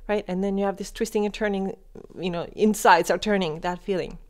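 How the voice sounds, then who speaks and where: A woman hosting a coaching podcast, speaking directly to the listener and shifting between quick animated talk and slow, soft, calm delivery. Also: medium pitch. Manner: addresses listener directly with questions. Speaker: podcast host and wellness coach.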